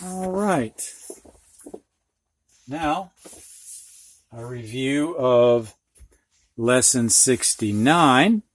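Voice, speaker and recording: Slow, patient older man teaching phonics. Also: medium pitch, animated. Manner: slow, patient, explaining with everyday examples. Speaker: reading teacher. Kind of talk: phonics lesson for students and teachers.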